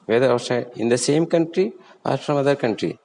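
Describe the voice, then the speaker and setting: A man's voice: medium pitch, fairly quick, warm tone, long reverb tail, a little hiss or hum, low-quality recording. A man with an Indian accent, a native Hindi speaker, teaching English pronunciation patiently and repeating sample words. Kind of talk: explanatory lesson.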